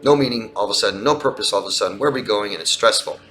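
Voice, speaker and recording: A man who works as a relationship coach fields viewers' questions in a live Q&A beside a street outdoors. Speaking rapid-fire in a lowish, bright, forceful voice, he explains things earnestly and tends to repeat himself and restart phrases.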